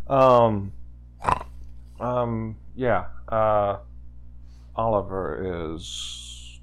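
Slow-talking goofy male player. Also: fairly low pitch. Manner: goofy, dramatic, joking. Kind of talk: in-character tabletop play.

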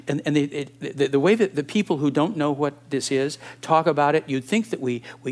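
A man in his sixties preaching a sermon, animated and emphatic, firing off rhetorical questions. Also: on the high side. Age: 60s.

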